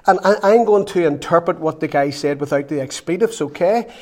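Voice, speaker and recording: A man's voice: a little high, a little fast. Man preaching a sermon. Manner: storytelling, animated, acts out quotes.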